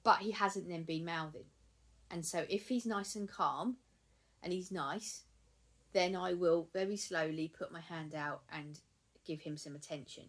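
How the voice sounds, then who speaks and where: Woman, low-pitched, calm and chatty, repeats points, casual how-to vlog. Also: unhurried. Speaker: dog trainer and vlogger.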